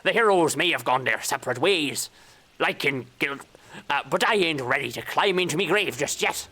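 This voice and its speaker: A woman's voice: low-pitched, expressive, normal speed, bright, forceful tone, slightly rough, heavily acted. A woman putting on a mock British pirate accent to voice a boisterous old male pirate while reading game dialogue aloud. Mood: hearty.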